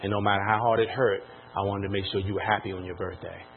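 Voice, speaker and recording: A man quietly voicing his earnest young son in a soft, hushed tone. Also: lowish voice, fairly even intonation, fast, vocal fry, slightly rough, pitched below the performer's own voice. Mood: tender. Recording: tinny phone-like sound.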